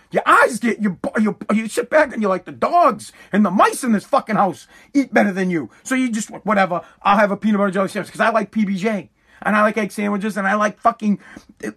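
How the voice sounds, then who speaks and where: A middle-aged man telling a profane, comedic rant about his family eating his food, animated and building to shouts. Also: high-pitched.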